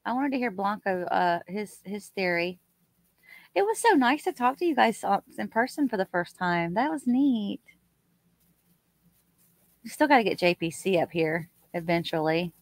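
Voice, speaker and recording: A woman's voice: mid-range voice, very animated, moderate pace, no echo. A woman with a Southern US accent co-hosting a casual live stream, chatting and reading out viewers' comments. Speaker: co-host of a true crime live stream.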